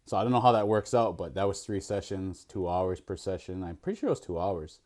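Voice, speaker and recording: A man's voice: low-pitched, lively intonation, fairly quick, darkish tone. A man hosting a podcast, chatting casually and rambling with frequent laughs. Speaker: podcast host. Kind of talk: casual chat.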